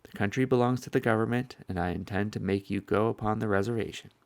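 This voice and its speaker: A man voicing a stern, overbearing army general in a commanding, curt way, with a gravelly voice. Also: on the low side, quick pace, no echo.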